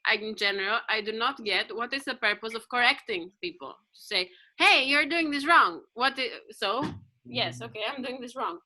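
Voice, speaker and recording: Sharp-voiced woman musing aloud. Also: mid-range voice, low-quality recording. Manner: musing, rambling, questioning aloud. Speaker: performer. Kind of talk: improvised spoken performance. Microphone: video call.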